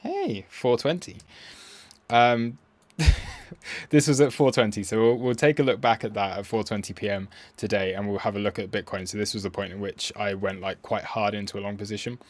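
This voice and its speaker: Walking through charts on his trading livestream, this man thinks out loud in a rambling, casual, self-mocking style. His voice is lowish and steady, and he talks fast with hardly any pauses.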